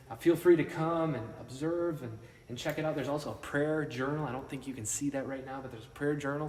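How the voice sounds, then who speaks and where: A man's voice: mid-range voice, a little hiss or hum. Guy preaching in a church, kinda conversational, drops to a whisper sometimes, big echoey room, sounds far from the mic. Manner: conversational, with frequent restarts and hushed, whispered emphasis. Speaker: pastor. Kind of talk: sermon. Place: church worship space. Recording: roomy long reverb, mic at a distance, faint ambience.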